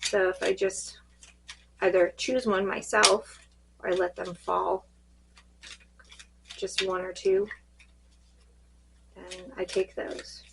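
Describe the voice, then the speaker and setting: Woman with a fading, hoarse voice. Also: mid-range voice, flat delivery, noisy background. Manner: rambling, halting, with many fillers. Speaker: tarot card reader. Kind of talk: casual spiritual check-in.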